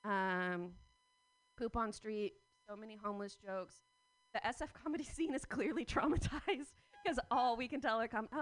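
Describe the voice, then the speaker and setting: High-voiced rambling woman comic. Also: fairly bright tone, dry recording. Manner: rambling, self-interrupting, laughing mid-joke. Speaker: stand-up comedian. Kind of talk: open mic stand-up.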